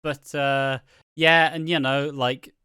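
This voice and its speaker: A man's voice: mid-range voice, flat delivery, slow, bright, forceful tone, clean tone, dry recording, clean studio sound. A man casually talking through soap opera theories, rambling and swearing freely. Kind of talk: casual chat.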